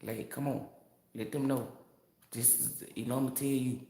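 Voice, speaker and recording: A woman's voice: rumbling low, steady tone, normal speed, warm tone, roomy sound. A woman giving a casual spiritual monologue as a tarot reader, brash, boastful and profane, laughing often.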